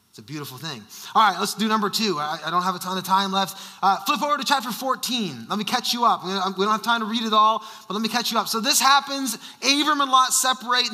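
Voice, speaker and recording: A man who is a senior pastor preaching a sermon, shifting between emphatic bursts and quiet asides. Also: high-pitched, big-room sound. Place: church sanctuary.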